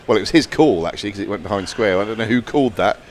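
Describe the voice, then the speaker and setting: A middle-aged man giving live ball-by-ball cricket commentary, dry and wry, with quick asides. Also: fairly low pitch, animated, slight background noise.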